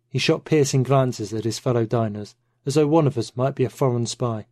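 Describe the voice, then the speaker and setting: A man's voice: medium pitch, brisk, a little mellow, no room sound. Man narrating a novel, close and dry. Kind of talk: audiobook narration.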